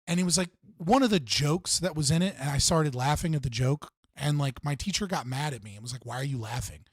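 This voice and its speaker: Casting note: male livestream host, a touch higher-pitched, profane and rambling, dry close mic. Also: expressive, a little fast, no room sound. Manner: profane, rambling storytelling with frequent fillers. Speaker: streamer host. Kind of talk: casual livestream chat.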